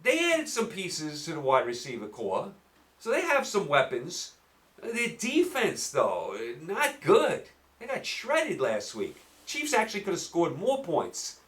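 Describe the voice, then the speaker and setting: A man with a New York accent talks through his football picks alone. His voice sits a little high for a man, and he rambles, asks listeners rhetorical questions and sometimes loses his track. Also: huge pitch swings, a little slow, fairly bright tone. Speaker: sports betting podcast host. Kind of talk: solo sports picks talk.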